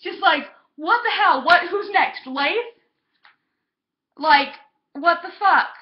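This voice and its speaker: A woman's voice: very high-pitched, lively intonation, takes it slowly, a little hiss or hum. A young woman vlogging a heated, exasperated TV episode review, cursing when she gets passionate. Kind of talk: casual ranting review. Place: home, on a couch. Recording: dull lo-fi home recording.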